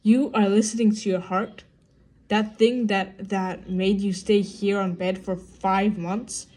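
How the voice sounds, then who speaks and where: A woman's voice: medium pitch, fairly even intonation, slow, mellow. Young woman imitating her dismissive scolding grandma. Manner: mocking, dismissive.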